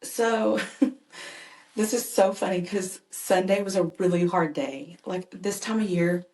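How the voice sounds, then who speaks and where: A woman who is a mother and caregiver guests on a podcast, telling personal stories earnestly and animatedly in conversation. Her medium-pitched voice is darkish and slow. The room is echoey.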